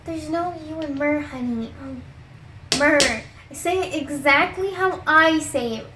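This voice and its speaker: A young woman in a comedy sketch, playing a teacher who spells out words slowly with exaggerated patience. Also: sits high, reverberant, noisy background. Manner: exaggerated, patient-then-exasperated teacher delivery, stretches out words.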